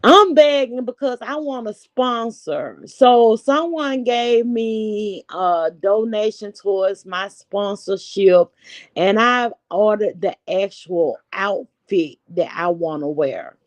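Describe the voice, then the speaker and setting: Unhurried woman in her forties, dry close sound. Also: medium pitch, lively intonation, no room sound. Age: 40s. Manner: chatty, unhurried, talks straight to viewers. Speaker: live stream host. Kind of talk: casual live-stream chat.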